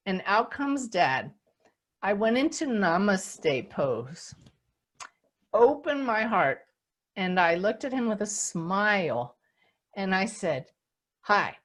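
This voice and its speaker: An older woman hosting a spiritual talk on a video call, telling a story with lively acted-out moments. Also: mid-range voice. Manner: animated storyteller, acts out scenes. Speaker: spiritual teacher and host.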